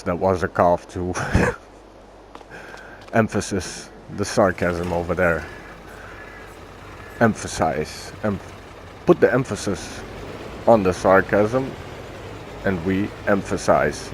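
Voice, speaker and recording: A man's voice: low-pitched, slight background noise. A man casually commenting on his own gameplay, thinking aloud as he goes and correcting himself along the way. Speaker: gaming video host.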